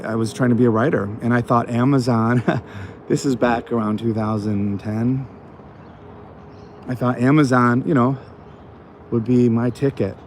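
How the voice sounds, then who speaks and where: On an evening walk in a botanical garden, a man from the United States hosts his casual vlog while recovering from a cold. His medium-pitched, slightly mellow voice carries a little hiss or hum, and his storytelling rambles, full of fillers.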